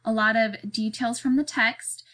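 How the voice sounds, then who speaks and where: A woman's voice: a little high, steady tone, unhurried, fairly bright tone. Woman reading a novel aloud. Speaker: teacher.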